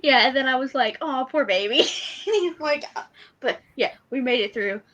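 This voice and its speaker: A woman co-hosting a podcast in casual chat, telling fan stories in an excitable, giggly way. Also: high-pitched, fairly quick. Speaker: podcast co-host.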